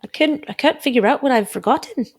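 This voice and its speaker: A woman's voice: high-pitched, animated, fast, husky. A woman co-hosting a casual podcast, gushing and playful as she chats. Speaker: podcast co-host.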